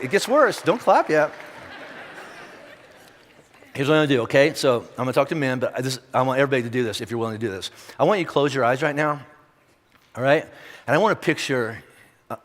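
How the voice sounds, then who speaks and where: A man preaching at a quick clip, talking straight to the crowd and stacking up rhetorical questions. His voice sits at an ordinary pitch for a man. The sound carries a long reverb from a big church auditorium. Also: expressive, fairly bright tone. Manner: conversational, direct, repeats rhetorical questions. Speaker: pastor. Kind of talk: sermon.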